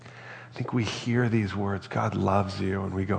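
A man's voice: low voice, fairly even intonation, measured pace, vocal fry, in a large hall. A man preaching a reflective, earnest sermon and reading scripture aloud. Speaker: pastor.

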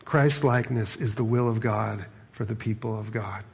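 A middle-aged man preaching as a pastor, talking in a conversational, animated way with frequent asides. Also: on the low side, normal speed, gravelly, slight background noise. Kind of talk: sermon.

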